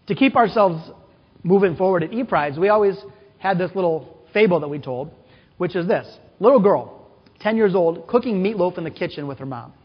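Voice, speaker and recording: A man's voice: sits high, expressive, normal speed, slightly rough. A man giving a conference keynote, telling stories with quoted voices and questions to the audience. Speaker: keynote speaker. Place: large conference hall. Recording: dull, hall-echoed conference recording.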